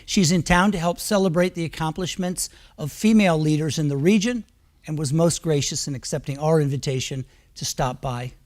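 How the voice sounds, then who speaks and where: Affable talk show host, mid-pitched. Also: a little fast, darkish tone. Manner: affable, brief encouraging interjections.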